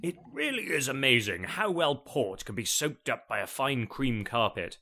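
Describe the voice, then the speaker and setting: A man voicing a bumbling, eager middle-aged husband who talks loudly and gormlessly. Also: mid-range voice, moderate pace, exaggerated voice. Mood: bumbling, excited. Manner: loud, excitable and gormless.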